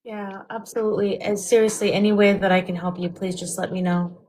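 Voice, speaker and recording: A woman's voice: mid-range voice, steady tone, a little fast, a little mellow, a little hiss or hum. A woman hosting a casual livestream as a Reiki and hypnosis practitioner, chatty, affectionate and rambling.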